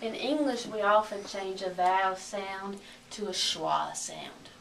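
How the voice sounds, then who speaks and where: A woman teaching a recorded lesson, speaking slowly and clearly and repeating each word for her learners. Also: medium pitch, a bit bright, echoey room, recorded from a distance, a little hiss or hum.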